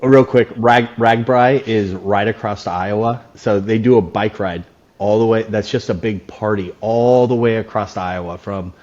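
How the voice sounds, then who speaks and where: Low-ish guy telling blunt stories, swears a bit, kinda muffled lo-fi audio. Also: steady tone, moderate pace, darkish tone. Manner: loose and blunt, swears freely, story-driven. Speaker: guest. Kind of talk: casual podcast storytelling. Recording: dull lo-fi sound.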